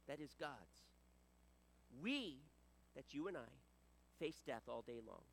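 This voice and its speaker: A man preaching a sermon as pastor, earnest and exhorting, going soft in prayer and loud for emphasis. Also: medium pitch, lively intonation, moderate pace, creaky, long pauses. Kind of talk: sermon with scripture reading and prayer.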